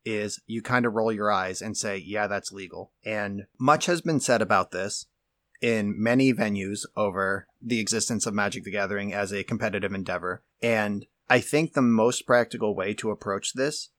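Man explaining in a low, measured voice. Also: a bit bright, no echo. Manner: measured, lecturing explanations with filler "like". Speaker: podcast co-host. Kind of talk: casual explanatory chat.

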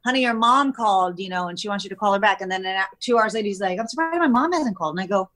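A woman's voice: mid-range voice, fairly even intonation, racing, a bit bright. A woman guest chatting casually on a podcast, rambling with many fillers and restarts. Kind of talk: casual chat.

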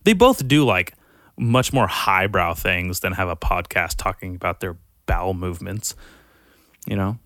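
A man's voice: deep voice, expressive, measured pace, fairly bright tone, no echo, studio quality. A young man hosting a podcast, rambling and ranting in a casual monologue, swearing constantly and sounding exasperated. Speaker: podcast host.

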